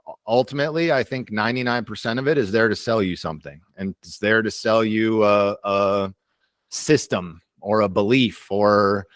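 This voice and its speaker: A man hosting a video call, calmly explaining ideas and slowing down to stress his points. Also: lowish voice, no echo. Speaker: host of a community call. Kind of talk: casual teaching on a video call.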